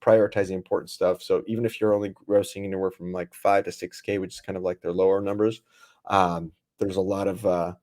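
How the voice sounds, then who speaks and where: A man's voice: low voice, flat delivery, fairly quick, a little mellow. A man hosting a podcast in a laid-back, casual way with many fillers. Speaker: podcast host.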